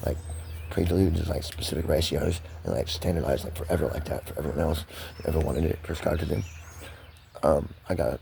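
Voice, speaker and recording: Gravelly and low-pitched, this American vlogger talks to the camera with noise in the background. He rambles quickly and under pressure, cursing in just about every sentence.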